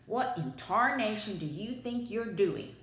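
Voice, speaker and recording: A woman reading aloud, voicing a tough, no-nonsense old grandmother who booms and scolds, in an echoey room. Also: normal speed, close to an everyday voice. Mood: booming. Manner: booming and scolding. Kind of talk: storybook read-aloud.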